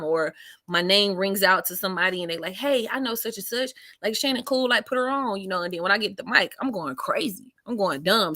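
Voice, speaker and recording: Animated, slangy woman telling stories. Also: lowish voice, no echo. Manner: animated, slangy, acts out quotes in raised voice. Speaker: comedian guest. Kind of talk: storytelling in a casual interview.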